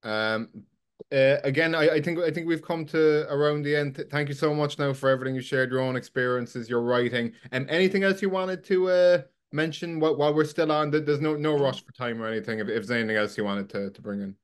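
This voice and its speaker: Guy hosting a podcast, laid back, kinda halting when he asks stuff. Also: on the high side, clear, resonant tone. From Ireland, Cork. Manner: easygoing, halting questions. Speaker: podcast host. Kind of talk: conversational interview.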